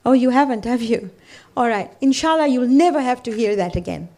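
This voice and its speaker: A middle-aged woman giving a religious talk to a women's gathering, telling stories and asking the listeners direct questions. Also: fairly high pitch. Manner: animated, addresses the audience directly with questions; recites scripture rapidly in Arabic. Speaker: female religious speaker at a ladies' gathering. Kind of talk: religious lecture with storytelling.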